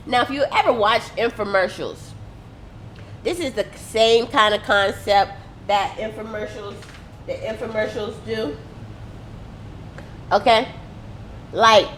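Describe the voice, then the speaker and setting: A woman hosting a casual marketing talk, animated and acting out quotes as she explains. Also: medium pitch, a little slow, slight background noise. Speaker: host.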